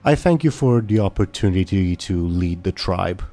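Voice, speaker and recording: A man voicing a brutal, haughty one-eyed male ogre chieftain in a tabletop game, grunting out slow, broken words that turn stiffly formal. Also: deep voice, animated, mellow.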